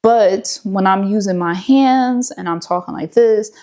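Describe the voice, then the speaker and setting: A woman YouTuber sitting in front of her camera, chatting casually and relaxed with slang and fillers as she gives advice. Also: medium pitch, unhurried.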